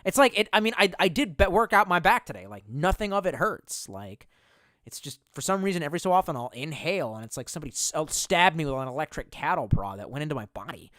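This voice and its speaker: A man's voice: a little high, very animated, fast talker, fairly bright tone, dry recording. A man casually chatting on a livestream and answering chat, cursing often and rambling, sometimes trailing off into a mumble. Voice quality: profane, rambling speech.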